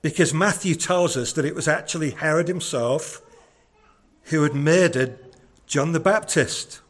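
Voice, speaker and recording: Male preacher, higher-pitched, conversational sermon delivery with earnest repeats. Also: measured pace.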